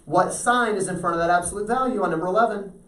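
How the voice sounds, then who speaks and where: A man teaches a math class in a classroom lecture, working through problems and frequently asking students whether they're following. His voice sits high, and he talks fast with a sharp tone. The recording has a roomy echo, and he sounds far from the mic.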